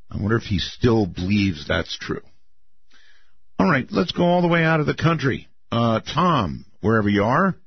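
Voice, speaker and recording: Older man, late-night radio host, husky low voice, swings up and down in pitch, muffled dry broadcast sound. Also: no room sound. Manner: musing, drawn-out, lively pitch swings. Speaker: radio talk show host.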